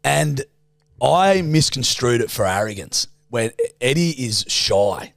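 A man's voice: medium pitch, expressive, slow, vocal fry, no echo, clean studio sound. A man hosting a podcast, chatting casually with crude, teasing humor and frequent laughter. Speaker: podcast host.

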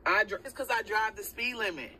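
A woman's voice: medium pitch, fairly quick, slight background noise, rough recording. A woman chatting casually inside a car at night, teasing her partner and talking to viewers. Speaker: girlfriend in a filmed car clip. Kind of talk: casual chat while driving. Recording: car clip with loud background ambience.

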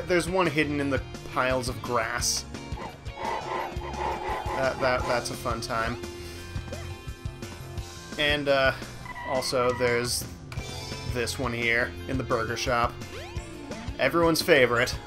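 A man talks through his game in a loose, rambling way, poking fun at himself as he goes. His pitch sits in an ordinary middle range, and bright game music plays under his voice the whole time. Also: takes it slowly, pauses often. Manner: rambling, self-mocking, offhand. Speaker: let's play host. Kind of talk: casual gameplay commentary.

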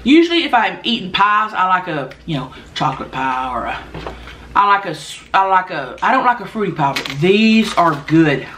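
Brash joking woman, bright voice. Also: fairly low pitch, big pitch swings, normal speed, a little hiss or hum. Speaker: guest comedian. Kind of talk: casual mukbang chat while eating.

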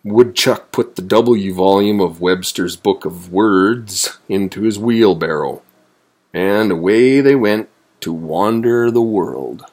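A man reading a children's picture book aloud, slowly and clearly. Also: lowish voice, darkish tone. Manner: slow, clearly paced reading. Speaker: storybook reader. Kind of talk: children's storybook read-aloud.

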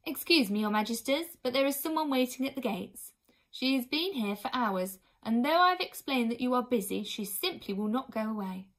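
A woman's voice: on the high side, lively intonation, normal speed, fairly bright tone, voice pushed up. A polite palace servant, a little flustered and apologetic as he reports a visitor, as a woman reads him out. He speaks with a slightly raised, eager voice in a storybook reading.

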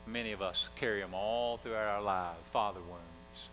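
A man's voice: fairly low pitch, moderate pace, pushed and bright, slight background noise, rough recording. A male pastor preaching a sermon, emphatic, asking the congregation call-and-response questions.

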